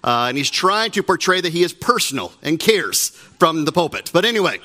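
Middle-aged guy pastor preaching in church, bright tense voice, kinda high, jokey and chatty. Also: sing-song, brisk. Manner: joking, conversational, self-deprecating asides. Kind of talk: sermon. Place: church sanctuary.

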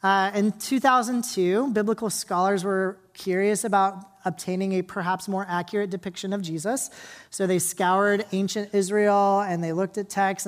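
A young adult woman leads a church service, first reading scripture and praying in a soft, quiet voice. She then preaches in a relaxed, chatty sermon full of fillers and asides to the congregation. Her voice carries through a church hall. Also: mid-range voice. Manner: casual, chatty, with many fillers and audience asides. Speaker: pastor.

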